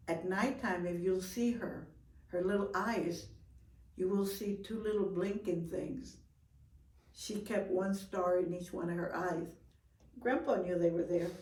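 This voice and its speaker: An older woman telling a folk story in a lively, expressive way, with gasps for effect. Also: lowish voice. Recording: roomy, from far off.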